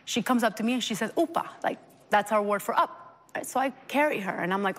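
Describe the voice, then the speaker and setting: A woman guest on an interview show, a mother telling her story in an earnest, animated way and acting out the dialogue. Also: mid-range voice, fast, long reverb tail. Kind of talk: emotional personal storytelling.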